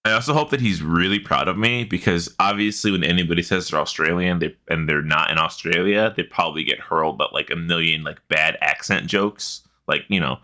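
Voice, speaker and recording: A man co-hosting a casual gaming podcast, excitable and quick to swear. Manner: excitable, swearing, jumps to loud high laughs. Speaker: podcast co-host. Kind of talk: casual chat.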